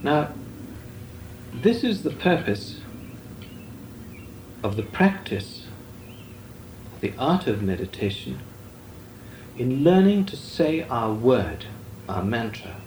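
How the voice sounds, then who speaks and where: An older man teaches meditation in a slow, deliberate voice, his pitch rising and falling expressively. The recording is roomy and echoey, with a faint hiss beneath it. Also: big pitch swings, darkish tone. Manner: measured, deliberate, with long pauses. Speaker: Benedictine monk teaching meditation. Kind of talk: slow meditative spiritual talk. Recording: echoey room with faint noise.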